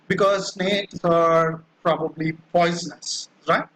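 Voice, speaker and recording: A man's voice: sits high, a little slow, a bit bright, rough recording. A man giving a classroom lecture, explaining step by step with many fillers and constant "right?" check-ins. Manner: acts out quoted cries.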